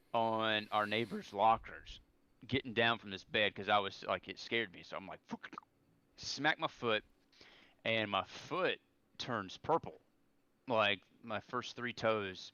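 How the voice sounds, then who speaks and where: A man's voice: on the low side, bright, forceful tone, clean tone, no room sound, highs cut off. A young man, a serving soldier, rambling through a story as a podcast guest, full of restarts and acted-out quotes. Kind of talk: casual storytelling over beers.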